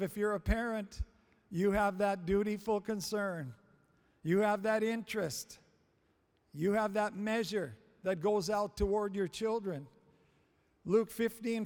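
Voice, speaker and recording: A male preacher delivering a sermon, slow and emphatic, repeating phrases for stress. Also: sits high, darkish tone. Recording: long hall reverb.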